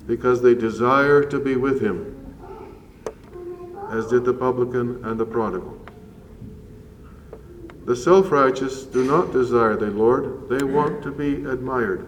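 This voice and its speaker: A man preaching a sermon as a priest, measured and earnest with slow emphatic pauses. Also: medium pitch, slight background noise. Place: church. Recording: roomy church echo from far off.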